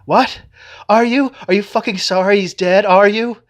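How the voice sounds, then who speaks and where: A man reading a novel aloud, voicing a distraught young woman who shouts and pleads through tears. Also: high-pitched, sing-song, unhurried, voice pushed up. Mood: furious.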